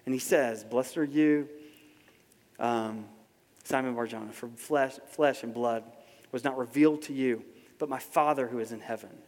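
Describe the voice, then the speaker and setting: A man delivers a sermon in a relaxed, conversational tone, dropping low and then lifting into emphatic bursts. His voice sits at an everyday middle pitch. A long reverb trails behind him, as in a large church hall. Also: normal speed. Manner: conversational preaching, swings from soft to emphatic. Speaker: pastor.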